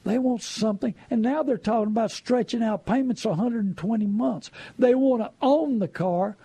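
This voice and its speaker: A man's voice: high voice, moderate pace, hardly any pauses, dark tone, husky, no echo. A man giving folksy, preachy money advice, full of rhetorical questions. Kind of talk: casual advice talk.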